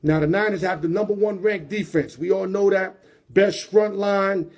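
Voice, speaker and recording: A man's voice: high voice, fairly even intonation, normal speed, a little mellow. A man hosting his own sports show, talking in a slangy, emphatic way. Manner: slangy, emphatic, hype-driven. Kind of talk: casual sports commentary.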